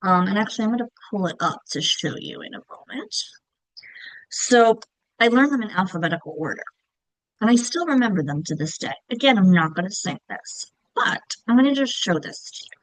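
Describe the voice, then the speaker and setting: A woman's voice: mid-range voice, expressive, brisk, no echo, poor audio. Woman teaching with a dry, close sound. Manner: casual, clear, stretches example words for emphasis. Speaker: literacy teacher trainer. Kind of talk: instructional presentation.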